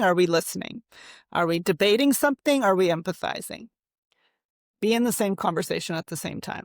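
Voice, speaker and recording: A woman therapist guest explains, dotting her talk with "right?" and little fillers. Her voice has a gritty, creaky texture. The sound is close and dry. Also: lowish voice, a little fast, no room sound. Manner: animated, uses fillers and rhetorical questions. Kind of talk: conversational explaining.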